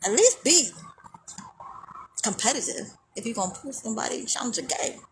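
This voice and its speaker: A woman delivering an angry, profane monologue, swinging between loud outbursts and hushed muttering. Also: fairly high pitch, very animated, normal speed. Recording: noisy background hum.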